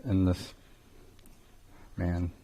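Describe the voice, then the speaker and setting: A man's voice: low-pitched, completely flat delivery, very slow, dark tone, slight background noise. An older man giving an informal spiritual talk, telling a story with frequent chuckles and rambling restarts. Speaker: spiritual teacher.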